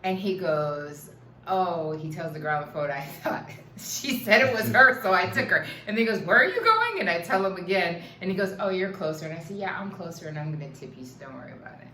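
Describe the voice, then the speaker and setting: Low-voiced woman telling stories, echoey room. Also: fairly quick, bright, forceful tone, a little hiss or hum. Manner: storytelling, drops into Spanish phrases. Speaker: co-host. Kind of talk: casual chat. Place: living in the Dominican Republic.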